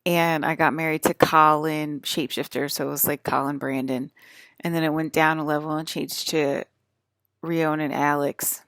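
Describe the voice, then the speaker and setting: Woman, low voice, vocal fry, rambling casual vlog, dry close sound. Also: little pitch movement, normal speed, a bit bright, no echo. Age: adult with children. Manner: chatty, wandering, restarts mid-sentence. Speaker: vlogger. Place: hotel room.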